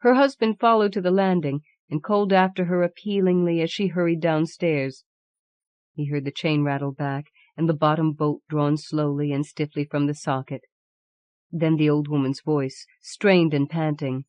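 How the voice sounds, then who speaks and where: Low-voiced woman reading a story. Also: no room sound. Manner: measured, even storytelling. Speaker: audiobook narrator. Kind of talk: scripted narration.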